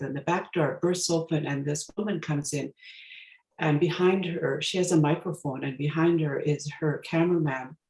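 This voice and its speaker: A woman's voice: deep voice, a little mellow, roomy sound, poor audio. A woman giving a storytelling talk as a guest speaker, reflective and searching for her words as she goes.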